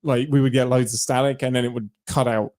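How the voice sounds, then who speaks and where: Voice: mid-range voice, steady tone, fast, a little mellow. A podcast co-host in casual chat, teasing and swearing offhandedly.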